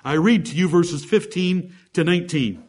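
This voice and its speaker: High-voiced emphatic male preacher. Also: normal speed, slightly rough. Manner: emphatic, with rhetorical questions. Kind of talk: sermon, verse-by-verse Bible teaching.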